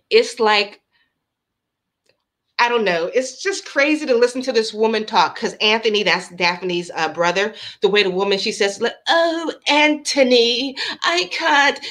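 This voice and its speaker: A woman's voice: medium pitch, fairly bright tone. A woman hosting a crochet livestream, chatting casually and bubbly with her viewers and reading out patterns.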